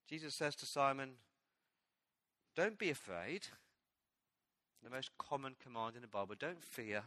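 A man preaching a sermon as pastor, telling a Bible story with animated storytelling and acting out the quoted lines. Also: mid-range voice, a little slow, long pauses, dry recording. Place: church.

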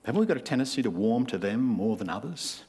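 A man's voice: mid-range voice, sing-song, fast, darkish tone, slightly rough. A man, preaching a sermon in a conversational way and acting out the people he describes. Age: 50s. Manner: conversational, acts out quoted voices.

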